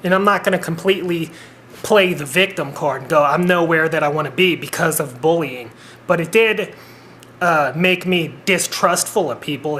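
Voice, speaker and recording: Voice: medium pitch, a bit bright, a little hiss or hum. A vlogger in their thirties talking straight to a home camera in an earnest, rambling way, with blunt swearing. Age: 30s. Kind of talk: personal vlog monologue.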